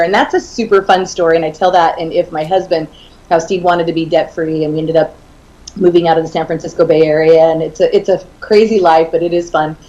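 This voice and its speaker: A woman in her fifties tells a story as a guest on an interview show. Her delivery is animated, and she breaks into laughter often. The audio sounds slightly muffled. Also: mid-range voice. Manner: animated, laughs often while telling stories. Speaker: author and guest.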